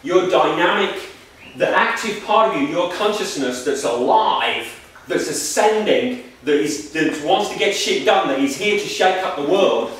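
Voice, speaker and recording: A man's voice: a little high, animated, a little slow, a bit bright, very echoey. A man giving a spiritual workshop lecture in an emphatic, repetitive, preacher-like way, recorded on a distant mic in a lecture room.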